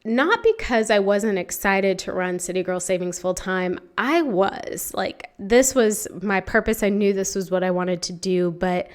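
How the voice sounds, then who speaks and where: A young woman speaks alone as a podcast host, smooth and clear in tone at a middle pitch. She tells her story candidly, with feeling and casual fillers. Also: expressive, unhurried, few pauses. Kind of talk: reflective solo podcast monologue.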